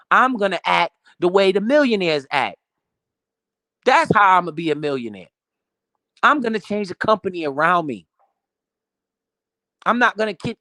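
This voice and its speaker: A man's voice: sits high, pushed and bright, dry recording, studio quality. Profane, fired-up motivational man. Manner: profane, emphatic, preachy. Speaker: motivational finance streamer. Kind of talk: casual motivational rant.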